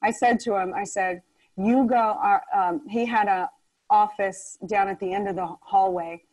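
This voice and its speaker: A woman guest in an interview, telling a story with lively acted-out quotes. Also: mid-range voice, moderate pace, rough recording. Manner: animated storyteller acting out quotes.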